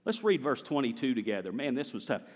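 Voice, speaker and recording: A man preaching a sermon to his congregation in a church, animated and conversational, drawing the congregation in. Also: medium pitch, quick pace, long reverb tail. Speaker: pastor. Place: large church sanctuary.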